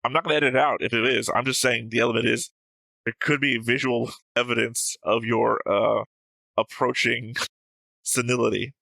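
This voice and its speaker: A man's voice: medium pitch, steady tone, normal speed, vocal fry, bright, forceful tone, no room sound. A man co-hosting an anime reaction show in casual, joking chat, explaining his reasoning at length.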